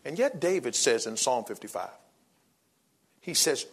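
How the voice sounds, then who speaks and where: A pastor in his forties delivers a sermon in a slightly raised, husky voice. He sinks into hushed, reflective passages, then lifts into quick, excited preaching. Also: a little high.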